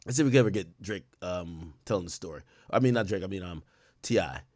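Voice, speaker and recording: A young adult man hosting a live stream, reacting loudly to gossip with profane, animated commentary and frequent laughter. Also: deep voice, quick pace. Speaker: streamer host.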